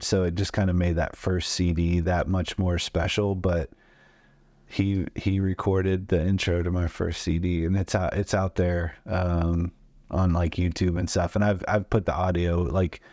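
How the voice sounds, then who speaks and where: Deep-voiced man telling rambling stories. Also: a little mellow, no echo. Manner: loose, rambling, many fillers. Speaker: guest comedian. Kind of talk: casual storytelling.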